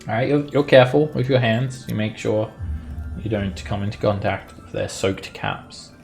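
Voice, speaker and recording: A man narrating as dungeon master of a tabletop game, describing the action in a lively way with chuckles. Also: fairly low pitch, normal speed, vocal fry, faint music behind.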